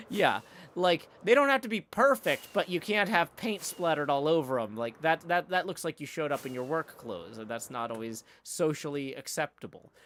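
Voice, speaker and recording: A man's voice: fairly high pitch, expressive, normal speed, a bit bright, slight background noise. A man, likely in his forties, hosting a live stream in casual, rambling chat full of fillers and easy laughs. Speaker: livestream host. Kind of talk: casual chat while building.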